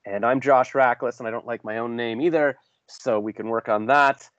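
A man's voice: mid-range voice, fairly even intonation, normal speed, a bit bright, dry recording. Man, podcast host, rambling jokey chat, dry dull video-call sound. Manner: rambling, self-deprecating, jokey. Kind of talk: casual video-call interview.

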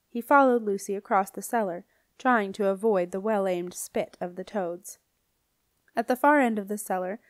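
A woman narrates a children's fantasy audiobook in a steady, clear voice at a middle pitch. The recording is dry and close to the mic. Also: no echo. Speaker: audiobook reader. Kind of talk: scripted narration.

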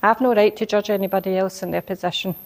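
A woman's voice: medium pitch, steady tone, quick pace. A woman preaching a sermon, telling a personal story and building into emphatic exhortation.

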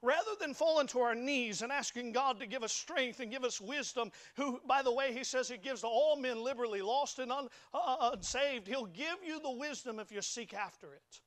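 A man's voice: very high voice, normal speed, hardly any pauses, fairly bright tone. A young man preaching a sermon in a church, folksy and emphatic, often stammering and repeating words. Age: young adult. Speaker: pastor. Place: church sanctuary.

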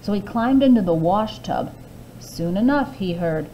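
A woman librarian reading a fairy tale aloud to children, expressive with hushed asides. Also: mid-range voice, unhurried, very noisy.

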